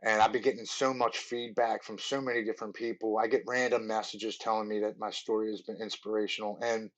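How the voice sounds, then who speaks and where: A man in his forties with a lowish voice shares his story as a podcast guest. He talks earnestly and in a rambling way, full of "like" and restarts. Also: flat delivery, fairly quick, fairly bright tone, rough recording. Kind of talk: telling his recovery story.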